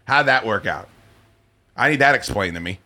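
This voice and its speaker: A man's voice: fairly low pitch, lively intonation, normal speed, bright, forceful tone. A man hosting a radio show, ranting and swearing with sarcastic banter into a studio microphone. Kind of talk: profane live radio banter.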